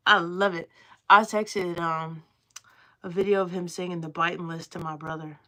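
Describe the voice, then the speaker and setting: A woman's voice: fairly low pitch, level tone, moderate pace, pushed and bright. A young woman with a Southern accent, chatting casually on a livestream in a rambling, playful drawl. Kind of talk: casual chat with live chat.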